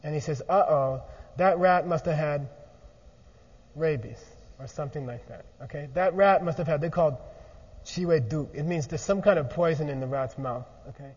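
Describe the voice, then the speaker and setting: Animated male lecturer in an echoey hall. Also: fairly high pitch, a little fast. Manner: animated, often checks in with 'okay?'. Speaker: teacher. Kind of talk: lively philosophy lecture. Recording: muffled recording in a large echoey hall.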